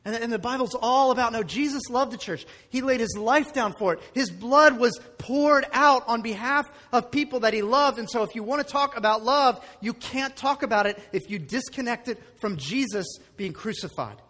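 A male pastor preaching a sermon in a church, animated and conversational, with lots of rhetorical questions. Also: very high-pitched, moderate pace, hardly any pauses, in a large hall.

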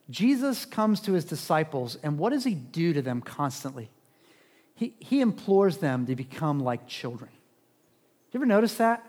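A man preaching a sermon in a conversational way, asking rhetorical questions and swinging between loud and hushed. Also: a little high. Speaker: pastor. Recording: long reverb of a large hall.

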